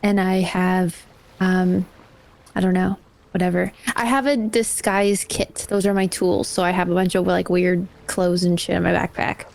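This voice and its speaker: A woman's voice: lowish voice, level tone, normal speed, vocal fry, darkish tone. A woman player describing her character in a loose, chatty way, laughing often. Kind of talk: casual chat.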